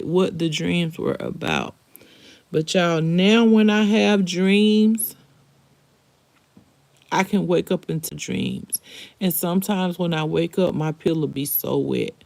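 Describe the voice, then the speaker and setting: A woman's voice: lowish voice, expressive, measured pace, creaky, darkish tone, no room sound. A middle-aged woman hosting a live stream, chatting candidly and emotionally straight to her viewers. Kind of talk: casual live-stream chat.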